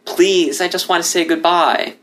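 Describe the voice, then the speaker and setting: A man's voice: on the high side, unhurried, bright, forceful tone, pitched above the performer's own voice. A man voicing a sick young male fox who pleads in a voice strained with emotion. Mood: pleading.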